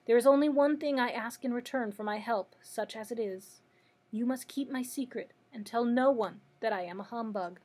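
A woman's voice: fairly high pitch, normal speed, natural voice. A woman reading aloud as an old man who is a false wizard, confessing meekly. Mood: reassuring. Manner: confessing, gentle storytelling delivery. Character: old male humbug wizard, meek and apologetic.

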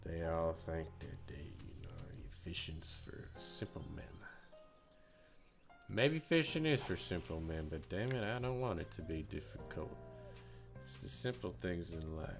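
A gruff country fisherman grumbles and drawls in a put-on American country accent, as a man plays him on a live stream. The voice sits very deep and folksy, a homespun talker with plenty to say about real work. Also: lively intonation, a little slow, over music, full character voice. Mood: grumbling. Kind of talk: live stream role-play.

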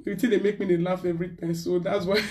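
A woman's voice: lowish voice, level tone, fast, a little mellow, distant mic, slight background noise. A woman with a Nigerian accent ranting in casual chat as a live-stream host, slipping pidgin into her English.

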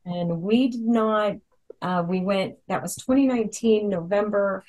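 A woman's voice: medium pitch, a little slow, a little mellow, poor audio. A woman talking casually, telling stories with lots of ums and restarts. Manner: chatty storyteller, many ums and restarts. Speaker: product presenter. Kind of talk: casual chat. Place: Hawaii.

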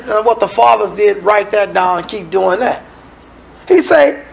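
Man, minister, sermon, high gravelly voice, animated. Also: normal speed, rough recording. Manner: animated, conversational preaching with dramatic asides.

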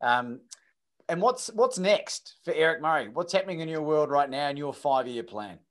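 A man hosting a podcast, friendly and relaxed, asking his guest open questions. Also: a little high, moderate pace. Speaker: podcast host. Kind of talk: casual interview chat.

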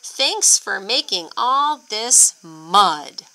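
A woman voicing a group of stubborn, cheeky pigs in a children's storybook, taunting in a slow sing-song. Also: mid-range voice, big pitch swings, sharp tone, heavily acted. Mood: smug taunting.

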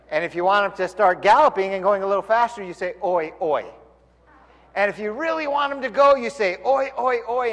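A man leading a synagogue service, telling a joke to the congregation with lively, loud punchlines. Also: high voice, big-room sound. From Tucson, Arizona. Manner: lively storyteller, shouts punchlines. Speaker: service leader.

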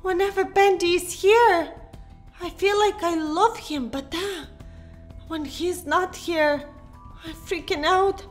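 A woman's voice: extremely high pitch, slow, soft background music. A woman voicing a dramatic young mother in a Minecraft role-play, with fretful, breathless exclamations. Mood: frantic. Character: frantic, dramatic young mother under a spell.

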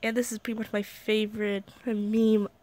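A woman casually reading her fan story aloud, slightly hoarse, chatting in asides with many fillers and restarts. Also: mid-range voice, flat delivery, normal speed, a little mellow. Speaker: fan fiction reader.

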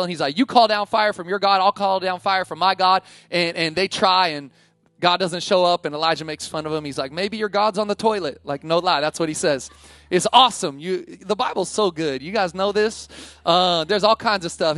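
A male pastor preaching with mounting fervor and a notably high voice, at times pushing toward a yell. The sound is close and dry, with no room echo around it. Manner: energetic preaching that rises to near-yelling. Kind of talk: sermon. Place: church sanctuary with congregation.

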